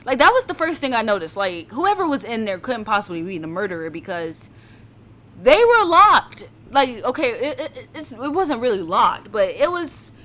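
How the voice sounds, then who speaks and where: A woman's voice: sits high, a bit bright, slight background noise. A woman streamer giving casual, chatty gameplay commentary in a self-deprecating way. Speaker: streamer playing a game.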